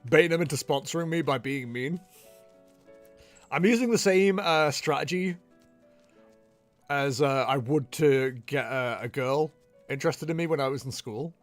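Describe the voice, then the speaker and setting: A man's voice: on the high side, moderate pace, pauses often, faint music behind. A man casually chatting to his stream from home, teasing his viewers with playful mock outrage. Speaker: livestream tournament commentator.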